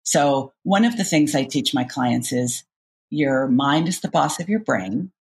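A middle-aged cognitive behavioral coach, appearing as a guest on a podcast, explains ideas in a low, rumbling voice with a gravelly, creaky edge. Her pace is measured, yet she's animated, acting out little inner voices along the way.

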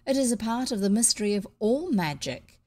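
A woman reading as a smooth young Egyptian priest. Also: a little high, lively intonation, brisk, warm tone. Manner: smooth and polite, then stern. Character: courteous, scheming young male Egyptian priest.

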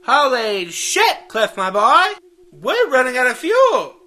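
A foul-mouthed cartoon alien captain, voiced by a woman, who bosses the crew around and teases everyone. The voice sits high and bright and leaps up and down in pitch. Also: very animated, slow pace, heavily acted. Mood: brash. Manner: foul-mouthed, teasing, bossy. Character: crude, cheerful alien spaceship captain. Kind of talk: cartoon voice acting.

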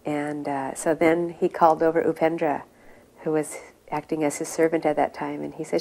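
A middle-aged woman telling an earnest personal story about her past, with many pauses and fillers. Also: low-pitched, little pitch movement, vocal fry, a little mellow. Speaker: devotee recounting memories. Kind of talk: personal reminiscence.

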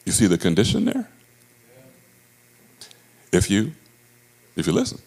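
A male pastor preaching a sermon, with emphatic delivery that swings between high, drawn-out phrases and low, quiet ones. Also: wildly swooping pitch, vocal fry. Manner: emphatic preaching with wide swings in pitch and loudness. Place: church sanctuary. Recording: roomy church echo.

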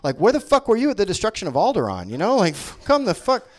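A man doing a stand-up comedy set, profane and mocking, with quick voices for the people he makes fun of. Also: sits high. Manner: profane, animated, mocking impressions.

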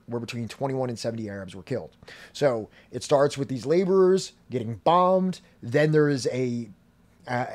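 A man's voice: medium pitch, a little mellow. Casual man reading history aloud. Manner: reads passages aloud then explains them loosely with fillers. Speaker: podcast host. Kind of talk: casual history podcast commentary.

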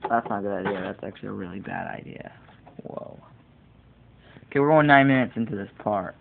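A man's voice: lowish voice, lively intonation, fairly quick, creaky, narrow, tinny audio, a little hiss or hum. A teenage boy rambling through a casual video blog, digressing often and swearing casually. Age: teens. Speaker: vlogger.

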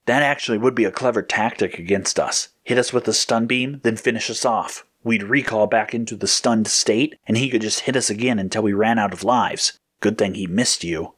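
A man voicing a thoughtful, measured male space agent in a low voice. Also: a bit bright, breathy edge.

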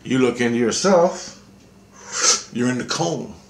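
A man's voice: mid-range voice, unhurried, slight background noise. A man vlogging a rambling, intense spiritual monologue, swearing freely.

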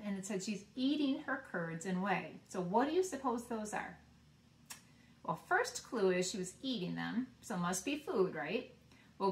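A woman teaching preschoolers, reading nursery rhymes aloud in a gentle, encouraging way and inviting the children to join in. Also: medium pitch, far from the mic. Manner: gentle, encouraging, talks to kids as if they were listening. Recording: roomy sound from away from the mic.

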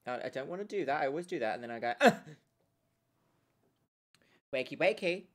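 A woman's voice: low voice, animated, racing. A young woman chatting casually on a live stream, giggling and thanking her viewers as she plays.

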